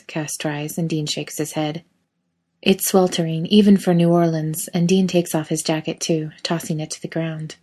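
Low-voiced woman reading fiction aloud. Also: level tone, measured pace, warm tone. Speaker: narrator.

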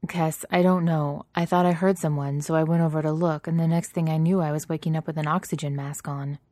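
A woman voicing a weary, teasing shapeshifting heroine with a raspy, hoarse voice, in a storybook reading. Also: low voice, fairly even intonation, a little fast, warm tone, dry recording, natural voice.

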